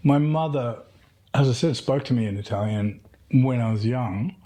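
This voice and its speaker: A man's voice: mid-range voice, normal speed, dark tone. A middle-aged man, from Tasmania, talking casually as an interview guest and rambling through stories with many fillers and restarts. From Tasmania, Australia.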